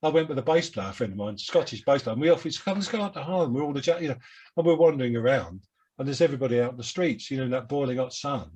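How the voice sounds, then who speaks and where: An older man with a London Cockney accent, his voice slightly husky and sitting at a middle pitch. He rambles through his memories in a self-deprecating way. He speaks over a video call. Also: very fast, a little mellow, dull audio. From London, England. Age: 70s. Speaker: guest musician. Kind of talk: reflective interview chat.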